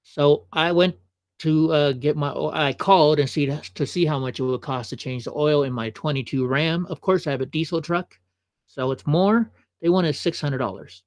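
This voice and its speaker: A man hosts a livestream, reacting to clips with casual, offhand remarks. His voice sits a little high. It is recorded close and dry. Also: fairly even intonation, normal speed, dry recording. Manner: chatty, offhand asides. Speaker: livestream host.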